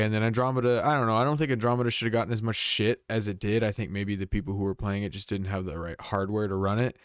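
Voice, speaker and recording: A man's voice: lowish voice, clean tone, no room sound, clean studio sound. A young man co-hosting a podcast, telling a rambling, exasperated story in casual chat with frequent swearing. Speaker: podcast co-host.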